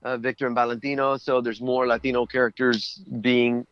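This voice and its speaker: A man's voice: mid-range voice, level tone, moderate pace, clean tone, highs cut off. A man who works as a voice actor, chatting as a guest in a casual interview and telling rambling anecdotes.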